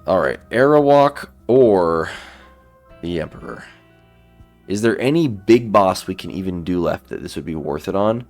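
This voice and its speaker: A man casually commenting while playing a video game, thinking aloud about his choices in a relaxed, sleepy way. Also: low voice, measured pace, soft background music. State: sleepy, yawning. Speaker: gaming YouTuber. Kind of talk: let's play commentary.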